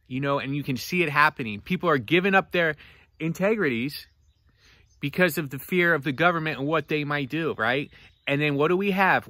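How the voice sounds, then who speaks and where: A man reviewing a book in a passionate, preachy vlog rant that swings between loud outbursts and low, intense talk. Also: dry recording.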